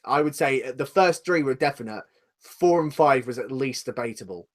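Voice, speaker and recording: Brief: British male co-host, lively and expressive, sweary, blunt and argumentative banter. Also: medium pitch, normal speed. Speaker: podcast co-host. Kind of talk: casual live podcast banter.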